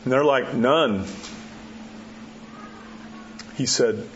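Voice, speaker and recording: A pastor giving a sermon in a conversational way, acting out the quotes and dropping his voice low to drive points home. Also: lively intonation, unhurried, a bit bright. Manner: conversational preaching, acts out quotes, drops low for emphasis. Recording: dull muffled sound with faint background hiss.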